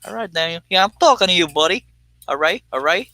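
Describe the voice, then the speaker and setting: A man's voice: high voice, animated, fast, sharp tone, no echo, voice pushed up, heavily acted. A man doing a brash New York Italian tough guy. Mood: cocky. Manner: swaggering, confrontational repetition.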